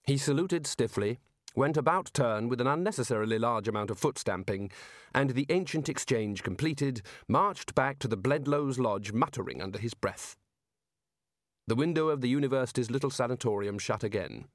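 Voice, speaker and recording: A man narrating an audiobook in an expressive reading voice. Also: mid-range voice, moderate pace, dry recording, studio quality. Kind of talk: scripted narration.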